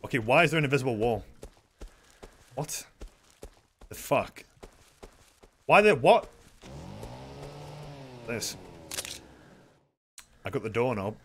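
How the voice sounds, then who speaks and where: A man's voice: mid-range voice, lively intonation, slow pace, long pauses, slight background noise. A man streaming a horror game, commenting casually with sarcastic, exasperated swearing.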